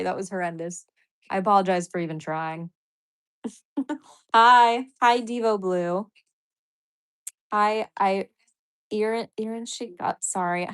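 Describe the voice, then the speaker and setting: A woman hosts a casual livestream, chatting loosely with viewers, reading their comments aloud, and laughing often. Her voice is mid-range and a bit bright.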